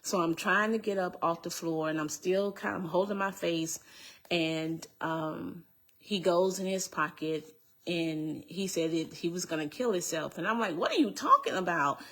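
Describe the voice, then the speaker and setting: A woman's voice: on the low side, steady tone, a little slow. A woman giving a personal testimony, speaking earnestly, repeating phrases and addressing her listeners directly.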